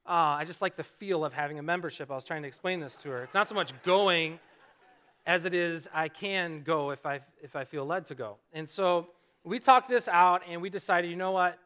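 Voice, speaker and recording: High, bright-voiced pastor preaching a sermon. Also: male voice, lively intonation, moderate pace, clear, resonant tone. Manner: conversational, self-deprecating storytelling with rhetorical questions. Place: church sanctuary before a congregation.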